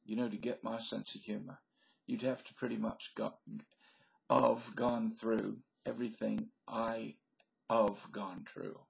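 A man's voice: fairly low pitch, little pitch movement, measured pace, gravelly, poor audio. An older man rambling through a stream-of-consciousness comedy monologue into a webcam at home, laughing at his own jokes. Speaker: vlogger.

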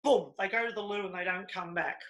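A woman's voice: mid-range voice, fairly quick, background noise. A woman doing a brash, bawdy stand-up comedy set over a video call.

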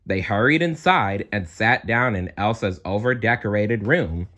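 Animated man reading a storybook. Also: lowish voice, a little slow.

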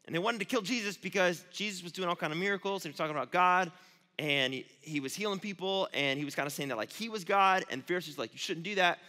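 Man, youth pastor, casual storytelling sermon, high voice, long hall reverb. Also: fast. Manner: casual, storytelling, animated asides.

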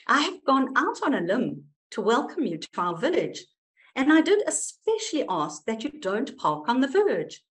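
Woman playing a haughty old village busybody. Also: on the low side. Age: older. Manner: prim, indignant, haughty. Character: snobbish older village woman, haughty and prim.

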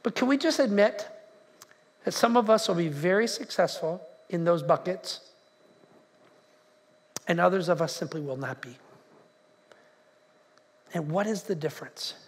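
Animated high-voiced man preaching. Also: measured pace, long pauses. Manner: conversational, animated, shouts acted-out quotes. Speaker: pastor. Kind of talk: sermon. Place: church sanctuary.

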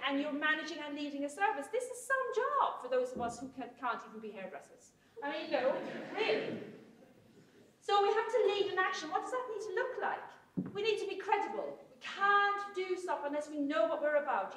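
A woman delivers a conference keynote with lively, irreverent asides and a wry edge. Her voice sits high. The sound is boomy and distant, as if picked up from far across a hotel conference hall. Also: slight background noise. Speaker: keynote speaker, chief executive. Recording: echoey hall, mic from far off.

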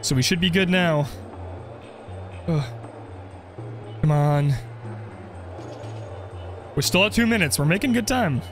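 A young man commenting on his game play, joking and getting excited as he goes. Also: on the high side, slow, long pauses, faint music behind. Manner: jokey, excitable, role-plays as the character. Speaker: gaming video creator.

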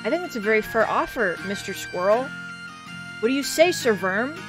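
A woman's voice: on the high side, expressive, moderate pace, over music, natural voice. Brief: woman playing a polite, eager young mouse hero, earnest and chatty.

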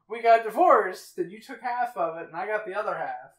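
High, lively-voiced man riffing on a movie. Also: normal speed, reverberant. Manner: wry, laughing banter. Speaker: riff track co-host. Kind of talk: casual joking movie commentary.

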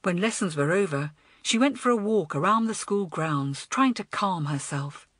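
A woman narrating a children's audiobook in an expressive, storytelling manner. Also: lowish voice, moderate pace, no room sound.

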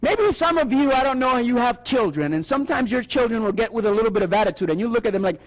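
High, lively-voiced male preacher. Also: quick pace, few pauses. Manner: animated, asks the audience questions often; acts out quoted voices. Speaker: seminar preacher. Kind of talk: Bible prophecy sermon.

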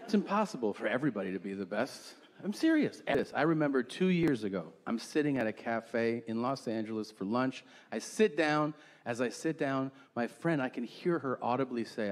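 A man in his forties doing a crude, deadpan stand-up comedy set on a theater stage, acting out quotes in his stories. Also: medium pitch, a little fast, few pauses. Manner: brash, crude, deadpan storytelling with acted-out quotes.

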